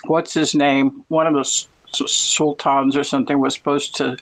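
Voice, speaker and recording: A woman's voice: sits low, flat delivery, normal speed, poor audio. Woman from the US, rambling chatty storyteller, talking from home mid-snack. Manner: rambling, digressive storytelling while eating. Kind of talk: casual chat. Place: at home in her apartment.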